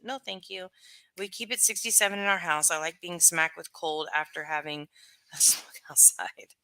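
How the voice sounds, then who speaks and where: A woman hosting a casual live stream, talking loosely with lots of "like" and "um" as she answers viewer comments. Her voice sits a little low, yet it sounds bright and forceful. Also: steady tone, normal speed, clean tone. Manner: chatty, lots of fillers, answers comments aloud.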